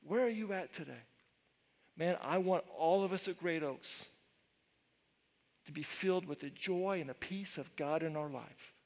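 High-voiced pastor preaching in a reverberant hall. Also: male voice, unhurried, long pauses. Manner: animated storytelling with sudden loud outbursts. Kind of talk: sermon. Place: church sanctuary with long reverb.

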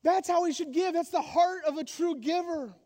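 A male pastor preaching a sermon in a church, animated, joking and emphatic. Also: extremely high pitch, moderate pace. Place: church sanctuary. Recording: long hall reverb.

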